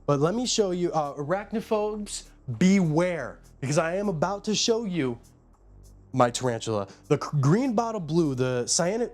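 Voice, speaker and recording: Here a man with a high-pitched, somewhat dark voice rambles casually on a live stream from his home. He shows his pet enclosures and greets viewers by name as he goes.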